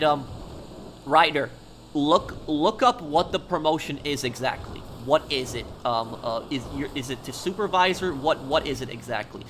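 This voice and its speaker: Bright-voiced man chatting on stream. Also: a little high, a little hiss or hum. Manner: chatty, answers viewers directly. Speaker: game streamer. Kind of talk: casual live-stream chat.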